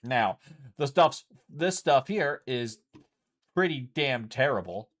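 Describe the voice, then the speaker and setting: A man's voice: medium pitch, animated, slow, fairly bright tone. A man casually chatting and explaining a card game as he streams from home, loose and chatty, swearing freely. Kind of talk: casual chat while playing.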